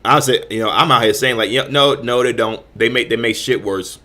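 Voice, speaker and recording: In a steady, sharp, mid-range voice, a man hosting a show rants a little fast. His commentary is heated and full of stammered restarts, repeated words and profanity.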